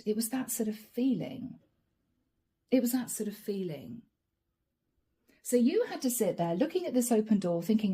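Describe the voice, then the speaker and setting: A woman's voice: fairly high pitch, expressive, moderate pace, long pauses, dark tone, breathy edge. A woman giving a channeled tarot reading, chatting straight to her viewers and laughing often. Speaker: tarot reader.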